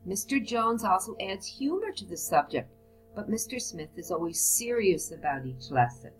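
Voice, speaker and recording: A woman's voice: mid-range voice, very animated, moderate pace, soft background music, rough recording. A woman teaching a recorded business English lesson, reading example phrases aloud and then explaining them. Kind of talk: recorded lesson on report writing.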